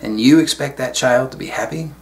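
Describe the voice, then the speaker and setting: A man speaking as a spiritual teacher in a solo video talk, reflective and unhurried with casual asides. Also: medium pitch.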